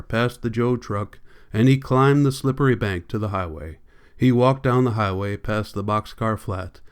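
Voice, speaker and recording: A man narrates a novel for an audiobook at an unhurried, steady pace. His voice is smooth and clear, sitting at an ordinary middle pitch for a man, and he gives the characters' lines a light touch rather than full acting. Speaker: audiobook reader.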